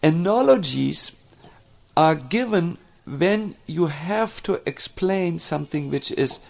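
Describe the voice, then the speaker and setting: A man giving a devotional lecture, telling stories slowly, with frequent fillers and restarts. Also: a little high, gravelly. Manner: slow, animated storytelling with many fillers and restarts. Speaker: spiritual teacher.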